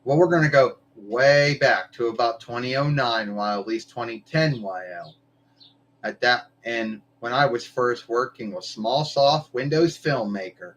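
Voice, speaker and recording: A man hosts his live stream in an easygoing, wandering monologue. His voice sits at an ordinary middle pitch, and he drops casual swears as he goes. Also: a little slow, a bit bright, rough recording. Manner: meandering, loose, swears casually. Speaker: livestream host.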